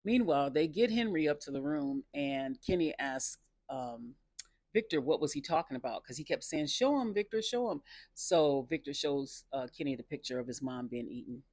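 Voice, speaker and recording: A man casually recapping a TV episode, chatty and laughing often, with excited personal asides. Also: medium pitch, normal speed, no echo, clean studio sound.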